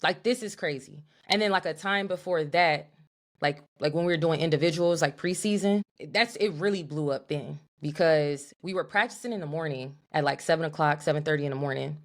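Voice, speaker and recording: A young woman co-hosting a podcast, telling an animated, profane story in a casual chat. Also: low-pitched, a little fast. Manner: animated, profane, talks to her co-host as "girl". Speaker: podcast co-host.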